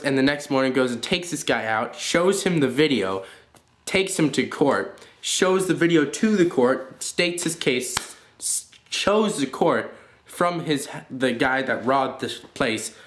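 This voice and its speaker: A man's voice: mid-range voice, a bit bright, echoey room. A man casually telling funny family stories and jokes, rambling with lots of fillers and laughs. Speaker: storyteller.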